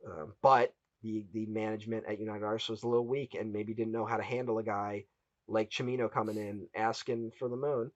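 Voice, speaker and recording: A man's voice: on the low side, a little fast, no room sound, highs cut off. Man animatedly retelling a film story. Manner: animated retelling, acts out quoted voices. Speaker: podcast host. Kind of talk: casual film podcast storytelling.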